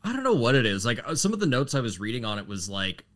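A man's voice: mid-range voice, very animated, fast talker, fairly bright tone. A young man co-hosting a casual music podcast, easygoing and wry, mildly critical. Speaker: podcast co-host. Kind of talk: casual chat.

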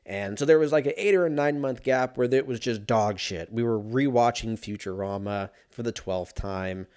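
A young adult man riffing in a rambling, profane, casual comedic monologue, breaking into laughs and sudden shouts. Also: medium pitch, normal speed, clear, resonant tone. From Los Angeles area.

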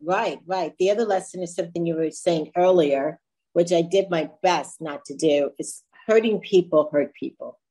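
Low-voiced woman hosting a talk show. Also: moderate pace, warm tone, husky, poor audio. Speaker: host. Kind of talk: casual podcast talk.

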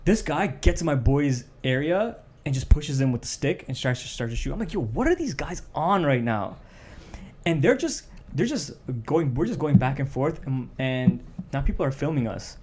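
A man's voice: normal speed, slightly rough. A young man from Canada, co-hosting a podcast, tells a story in casual chat and acts out the quotes. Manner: animated, acts out quotes with raised pitch. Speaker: podcast co-host.

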